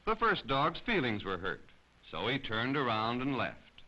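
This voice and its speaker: Brief: male storybook narrator, expressive, bright tone, lo-fi sound. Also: medium pitch, unhurried. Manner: expressive, animated. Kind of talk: children's storybook reading. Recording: slightly dull lo-fi recording.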